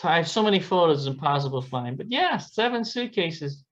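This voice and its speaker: A man who is a guest on a panel chat, telling relaxed stories in an easygoing way. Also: a little high, brisk, lo-fi sound, slight background noise. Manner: easygoing storyteller.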